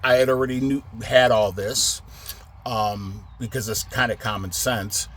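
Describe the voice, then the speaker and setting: A man's voice: lowish voice, steady tone, unhurried, fairly bright tone. A middle-aged man who runs a trucking business, casually telling a long story, rambling and swearing, getting heated as he retells it. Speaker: trucking company owner.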